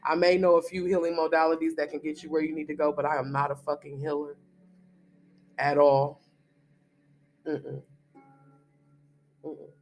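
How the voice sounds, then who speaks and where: A man's voice: a little high, completely flat delivery, moderate pace, long pauses, soft background music. A man in his thirties, a spiritual reader, giving a blunt, profane, emphatic monologue. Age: 30s.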